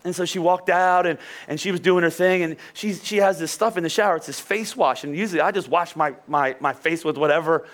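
A man's voice: on the high side, a little fast, few pauses, a bit bright. A man in his forties from Philadelphia preaching a conversational sermon, chatty and self-deprecating, with frequent restarts and asides. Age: 40s. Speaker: pastor. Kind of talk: conversational sermon with personal stories.

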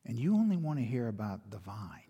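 Man, pastor, sermon, breathy husky voice, mid pitch, loud-to-hushed storytelling, echoing church. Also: big pitch swings, fairly quick, lo-fi sound. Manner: dramatic storytelling with sudden swings from loud to hushed. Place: church sanctuary. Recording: long reverb of a church hall.

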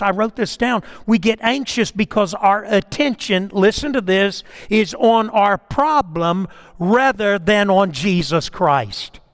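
A middle-aged man preaching a sermon in an animated way, calling on listeners by name and often repeating himself. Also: sits high. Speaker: pastor.

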